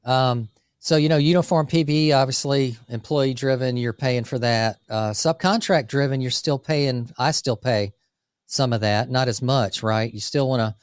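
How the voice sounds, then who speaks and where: A man co-hosting a casual business podcast, talking energetically through lists with quick asides about running a landscape company. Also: medium pitch, clear, resonant tone, dry recording, clean studio sound.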